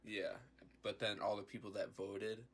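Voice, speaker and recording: A man's voice: fairly low pitch, flat delivery, moderate pace, crowd noise. A young man co-hosting a podcast, chiming in with laid-back slangy remarks and swearing. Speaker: podcast co-host. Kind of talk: casual chat.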